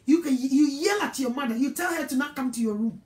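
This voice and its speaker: Ghanaian woman evangelist, high voice, scolding sermon, echoey room. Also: a little fast, darkish tone. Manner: scolding, emphatic preaching.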